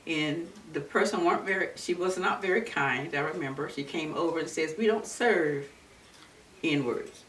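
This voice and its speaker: A woman in her seventies from Florida, recalling her civil rights days in an earnest, unhurried oral-history telling. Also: low voice, fairly even intonation, fairly bright tone. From Florida, USA. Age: 70s. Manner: earnest, unhurried storytelling with many restarts. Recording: roomy, distant mic with faint background noise.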